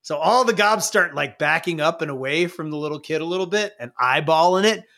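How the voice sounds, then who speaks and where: A man's voice: on the high side, fairly quick, pushed and bright. A man narrating a tabletop game as game master in a loose, rambling way.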